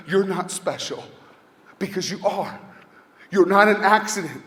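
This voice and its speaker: Male motivational speaker, school assembly, dramatic storytelling, loud then hushed, echoey hall. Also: high voice, measured pace, pauses often. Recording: echoey hall, faint ambience.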